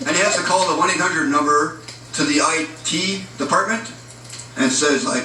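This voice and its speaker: Bright-voiced man telling crude jokes. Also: fairly high pitch, normal speed, soft background music. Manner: rambling, crude storytelling. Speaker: joke teller. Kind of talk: casual joke telling. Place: room at a reunion gathering. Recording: echoey room from far off.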